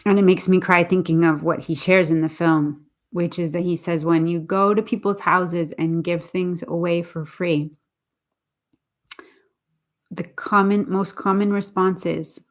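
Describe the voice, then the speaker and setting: A woman's voice: lowish voice, steady tone, measured pace. A woman from Boston talking in a casual, earnest and rambling way, often restarting her sentences. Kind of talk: casual spoken reflection.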